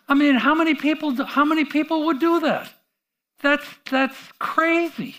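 A man's voice: very high-pitched, fairly bright tone. A man preaching a sermon in a conversational way, asking the audience rhetorical questions and often restarting his words. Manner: halting restarts and repeated words.

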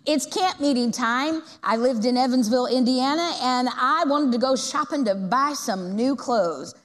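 A middle-aged woman preacher telling a long, lively story in a church and asking the congregation questions. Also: high voice, normal speed, big-room sound. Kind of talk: storytelling sermon.

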